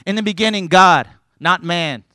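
A man's voice: sits high, normal speed, bright, forceful tone, no room sound. A man preaching a sermon who reads scripture aloud with earnest emphasis and slips into conversational asides, stumbling and repeating words.

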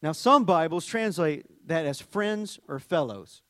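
A man preaches a sermon in a high, bright-pitched voice. He sinks to hushed, tender lows, then climbs to loud, emphatic peaks and asks the congregation questions. The sound is dry and close, with little room echo. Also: animated, measured pace, few pauses. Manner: talks to the congregation, asking questions. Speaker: pastor.

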